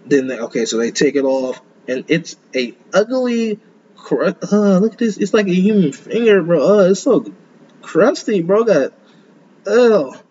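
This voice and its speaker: A young man talks in a loose, rambling reaction style, tripping over restarts and dropping slang as he goes. His voice sits a little high. The sound is dull and lo-fi, with a faint hum of room ambience underneath. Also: sing-song, unhurried, darkish tone. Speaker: anime reaction host. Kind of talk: casual reaction commentary.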